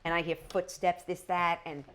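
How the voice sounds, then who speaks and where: A woman's voice: lowish voice, moderate pace, noisy background. A middle-aged woman, a comedian, telling a story on a casual podcast and acting out the people in it. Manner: animated, acts out the people in her stories. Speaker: guest comedian.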